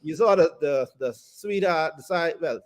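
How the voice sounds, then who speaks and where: Male talk co-host, slightly high voice, relaxed and chatty. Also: a little slow. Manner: easygoing, laughs often, many fillers. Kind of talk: casual chat.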